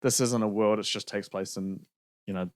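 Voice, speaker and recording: A young man with a lowish voice co-hosting a casual film podcast. He states his views firmly and laughs easily. The sound is close and dry, with no room echo. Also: steady tone, normal speed. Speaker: podcast co-host.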